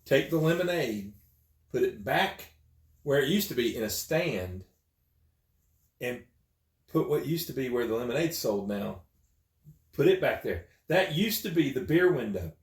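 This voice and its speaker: A man's voice: medium pitch, animated, a little slow, pauses often, reverberant. A man co-hosting a podcast, casually explaining his opinions. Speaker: podcast co-host. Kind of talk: casual chat.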